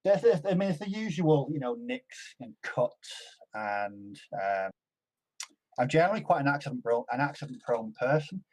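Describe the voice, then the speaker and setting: Man, casual podcast talk, hesitant, slightly husky mid voice. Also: medium pitch, sing-song, moderate pace, darkish tone, low-quality recording. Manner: hesitant, lots of ums. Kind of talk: casual chat.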